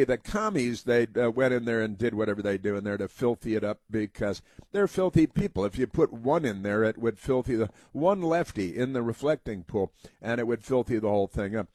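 An American man hosts a talk radio monologue in a rambling, filler-heavy way, now and then mocking others in put-on voices. His voice sits at an ordinary pitch, recorded dry and close with no room around it. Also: animated, a little fast, a little mellow, dry recording. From United States.

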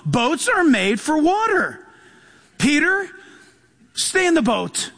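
A male pastor preaching with a high, ringing voice. He swings from hushed asides to excited, dramatic bursts, slipping into the voices of people in his stories. His delivery is animated and lively. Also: takes it slowly, long reverb tail. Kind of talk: sermon.

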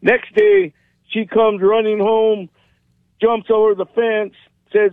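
Guy calling in with a joke, pretty high voice, tinny phone sound. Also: little pitch movement, slow, no echo. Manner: chatty, storytelling. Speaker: caller. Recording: dry tinny phone line.

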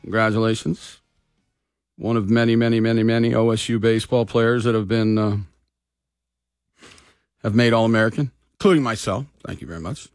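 A man's voice: fairly low pitch, fairly even intonation, a little fast, long pauses, darkish tone, dry recording, studio quality, faint music behind. A man hosting a sports talk radio show, chatting bluntly and openly with callers. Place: radio studio.

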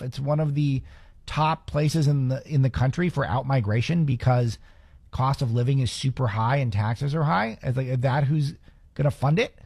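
A man hosting a political talk show, delivering sarcastic, opinionated commentary in a rapid-fire rant. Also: medium pitch, vocal fry, a little mellow, breathy edge, dry recording.

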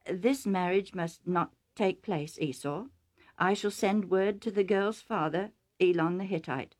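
A woman reading a story aloud voices a solemn, nearly blind old father who speaks gravely and sternly. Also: mid-range voice, unhurried, darkish tone, close to an everyday voice.

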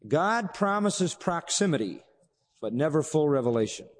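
A male pastor preaches in a high, sweeping voice that climbs and drops all over the place. He throws out rhetorical questions and holds dramatic pauses. His words ring out with a long hall reverb behind them. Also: sing-song. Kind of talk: sermon.

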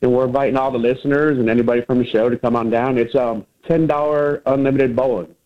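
A man with a drawl phones in to a talk show, easygoing and chatty, stumbling over a word here and there. His voice comes through a dull, lo-fi phone line. His pitch sits in the middle range. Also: steady tone, quick pace. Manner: easygoing, chatty, some stammered restarts. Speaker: caller. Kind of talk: casual phone-in chat.

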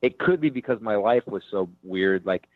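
Man, comedian guest, rambling and frank, lowish voice, tinny phone line. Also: lively intonation, moderate pace, no room sound. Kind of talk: casual radio interview over the phone.

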